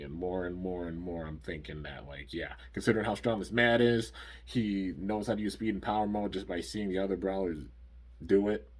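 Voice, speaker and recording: A man with a deep, slightly husky voice talks through a cartoon episode in a loose, rambling recap. He leans on fillers like "like" and "you know" as he goes. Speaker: anime episode reviewer.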